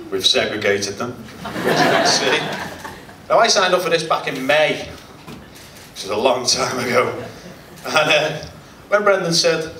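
A man's voice: mid-range voice, expressive, moderate pace. Chatty comedian in his forties. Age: 40s. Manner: chatty, jokes with the crowd. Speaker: stand-up comedian. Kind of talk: live stand-up set. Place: hotel function room at a comedy night. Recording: roomy distant live recording with loud noise.

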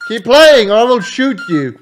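Excitable high-voiced gamer shouting orders. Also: male voice, moderate pace, a little hiss or hum. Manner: excitable, swearing, shouting commands in mock officer tone. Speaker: streamer playing a multiplayer war game. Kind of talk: casual gaming banter with voice chat.

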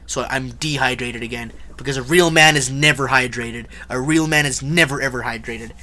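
A young man livestreaming a horror game, chatting casually with viewers, joking and shouting when startled. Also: mid-range voice, normal speed, slight background noise. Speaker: livestreaming gamer. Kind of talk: casual live gameplay commentary.

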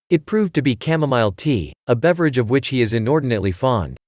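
A man reading a story aloud in a measured narration style. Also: medium pitch, no echo, clean studio sound. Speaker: audiobook reader. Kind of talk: scripted narration.

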